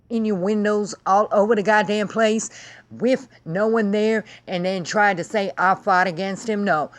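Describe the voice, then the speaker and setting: Woman in a heated, profane vlog rant. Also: medium pitch. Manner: heated, profane, sarcastic ranting. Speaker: vlogger.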